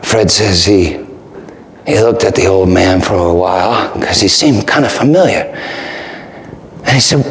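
A man, a preacher, telling a story in a sermon in an animated voice that swings high and low. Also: measured pace, long pauses, slight background noise. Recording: roomy hall with faint ambience.

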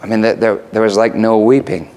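A man's voice: fairly low pitch, fairly even intonation, brisk, dark tone. A man preaching a sermon in a conversational way that rises to emphatic peaks.

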